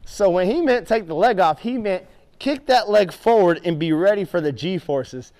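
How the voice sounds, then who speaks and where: A middle-aged horse trainer with a notably high voice tells vivid stories at normal speed, acting out his own reactions. He brings the same animated style to coaching a student through groundwork in an arena.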